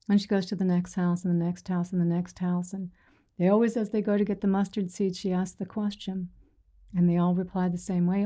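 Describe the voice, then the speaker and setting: Soft-spoken woman with a dark, flat voice. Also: mid-range voice, a little fast. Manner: gentle, reassuring, soft-spoken; retells stories with quoted voices. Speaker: meditation teacher. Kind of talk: dharma talk to a sangha.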